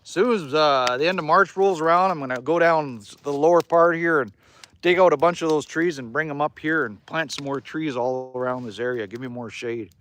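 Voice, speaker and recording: A man's voice: a little high, normal speed, a bit bright, a little hiss or hum. A Canadian man hosting a casual livestream outdoors by a fire, chatting and reading viewer comments in a rambling way and swearing now and then. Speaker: livestream host.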